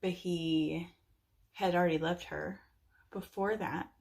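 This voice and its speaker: A young woman book reviewer chats casually about books she recommends, wandering a bit and using plenty of fillers. Her voice is lowish, darkish, and creaky, with fairly even intonation and a slow pace.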